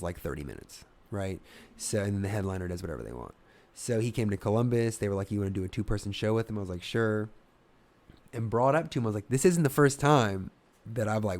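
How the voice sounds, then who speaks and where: A man's voice: lowish voice, brisk. A young adult man, a stand-up comedian, telling a casual, profane story on a podcast and acting out voices as he goes. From Ohio, US. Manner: animated, swearing, acts out voices in his anecdotes.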